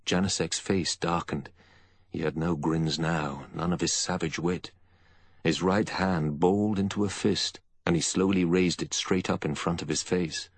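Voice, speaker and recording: A man reading a novel aloud as narrator in a steady storytelling voice. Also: low-pitched, a little slow, slightly rough, no echo. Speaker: audiobook narrator. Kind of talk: scripted narration.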